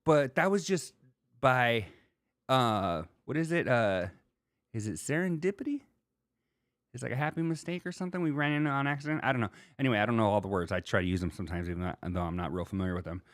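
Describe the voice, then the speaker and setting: A dry-voiced man hosts a casual solo livestream, fast-talking at medium pitch as he reads viewer comments. He's loose and rambling and swears casually, with no room sound on the audio.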